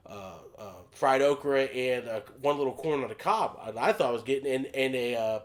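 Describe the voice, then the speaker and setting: A man co-hosting a casual podcast, telling an animated story, acting out quotes and swearing freely. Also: mid-range voice, normal speed. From United States. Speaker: podcast co-host.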